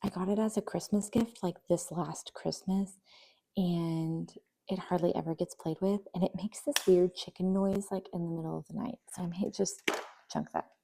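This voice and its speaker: A woman's voice: fairly low pitch, fairly even intonation, normal speed, vocal fry, music in the background. A young woman chatting casually while sorting her kids' toys, often trailing into near-whispers. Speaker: vlogger. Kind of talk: casual voice-over while decluttering.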